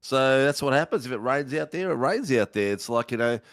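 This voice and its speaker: A man's voice: medium pitch, expressive, a little fast, dry recording. Laid-back co-commentator, man. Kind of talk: casual race commentary.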